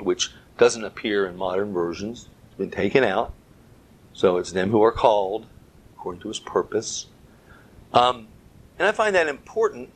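A man's voice: fairly low pitch, husky, low-quality recording. A man giving a Bible teaching talk as a preacher, earnest, speaking in short phrases and stressing key words.

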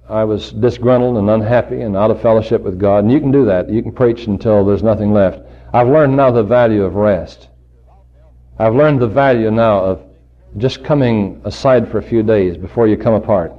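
A middle-aged man preaching a sermon, earnest and personal, his voice swelling to fervent peaks and dropping to quiet, low passages. His pitch sits in an ordinary middle range. The recording is dull and lo-fi, like an old tape. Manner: earnest, rises to fervent emphasis then drops low.

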